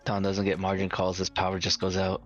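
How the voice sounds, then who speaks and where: A man chatting casually on a stream, upbeat and quick to laugh. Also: sits low, completely flat delivery, a bit bright, faint music behind. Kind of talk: casual group chat. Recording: dry, muffled stream audio.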